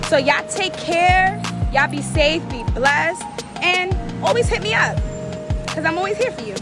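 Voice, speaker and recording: A woman's voice: high voice, sing-song, unhurried, loud music behind the voice. A woman vlogger giving fervent, preachy encouragement, repeating phrases for emphasis. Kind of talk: casual inspirational talk.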